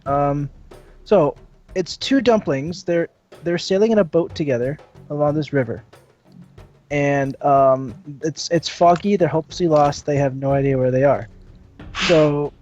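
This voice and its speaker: A man telling a joke on a livestream, halting and restarting as he tries to remember it. His voice is slightly high. Faint music plays behind dull, lo-fi audio. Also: a little mellow. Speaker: guest on the stream. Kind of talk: casual livestream chat.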